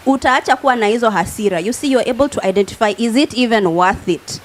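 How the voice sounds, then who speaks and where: Kenyan woman, TV guest expert, higher voice, teacherly and demonstrative, studio setting. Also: animated, quick pace, few pauses. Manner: teacherly, acts out everyday examples, mixes English and Swahili. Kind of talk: TV talk show explanation.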